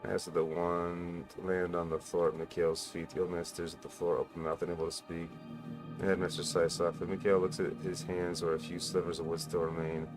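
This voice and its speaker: Deep-voiced man narrating a story game. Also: level tone, fairly quick, over music. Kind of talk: reading game text aloud.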